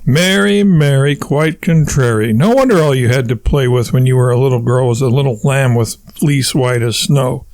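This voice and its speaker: A man's voice: mid-range voice, expressive, normal speed, hardly any pauses, darkish tone, no echo, close to an everyday voice. A man voicing a fussy, blustering middle-aged husband who bluffs and argues his way out of everything in an audiobook. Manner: boastful, argumentative, talks his way out of things. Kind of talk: audiobook character voice.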